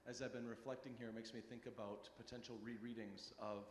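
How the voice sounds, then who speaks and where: A man asking a long, reflective question at a public talk, speaking in a measured way. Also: mid-range voice, level tone. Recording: echoey hall, faint noise.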